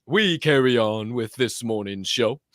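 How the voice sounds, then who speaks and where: A man's voice: medium pitch, expressive, unhurried, no room sound, clean studio sound. A man co-hosting a live motivational show, playful and folksy, often laughing. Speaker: podcast co-host. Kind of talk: casual live-stream hosting.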